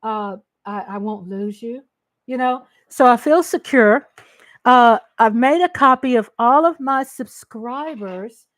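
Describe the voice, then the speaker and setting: A woman from Texas with a twang hosts a casual livestream from home. She talks straight to her viewers in an emotional, ranting way, and her voice sits a little high. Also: takes it slowly, fairly bright tone. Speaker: livestream host. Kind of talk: casual live-stream chat.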